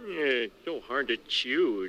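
A man's voice: mid-range voice, animated, unhurried, sharp tone, lo-fi sound, faint music behind. A man voicing a nervous, grumbling cartoon family man. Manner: nervous, complaining.

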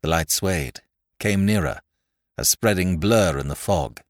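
Male narrator with a low voice and an animated read; dry, close recording. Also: unhurried, dry recording. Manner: lively dramatic reading. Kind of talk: audiobook narration.

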